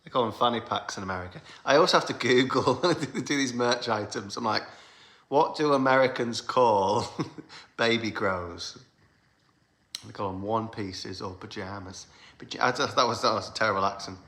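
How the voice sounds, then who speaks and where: A man chats loosely to fans on a livestream, his voice sitting a little low yet sounding bright and forward. He rambles, restarts and fills gaps with ums. The sound carries a noticeable echo from the room. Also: quick pace, few pauses. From United Kingdom. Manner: rambling, chatty, frequent fillers and laughs. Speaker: band leader hosting a fan livestream. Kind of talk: casual livestream chat. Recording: roomy echoey room sound.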